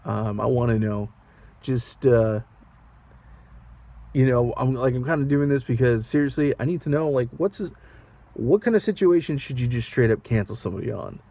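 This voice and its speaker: Male rideshare driver, vlog storyteller, mellow, rambly and nervous, rhetorical questions to camera. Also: mid-range voice, moderate pace. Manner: rambling, anxious, asks the viewer rhetorical questions.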